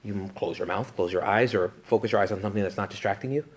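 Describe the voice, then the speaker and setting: A man, a priest, giving a retreat talk to young adults, joking and animated one moment and hushed the next. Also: fairly low pitch, fast talker, husky.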